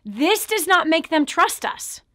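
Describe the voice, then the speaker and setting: A woman's voice: very high-pitched, big pitch swings, a little slow, bright, forceful tone. A middle-aged woman giving an earnest motivational talk on parenting, speaking straight to the viewer and calling them friend. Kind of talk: direct-to-camera motivational talk.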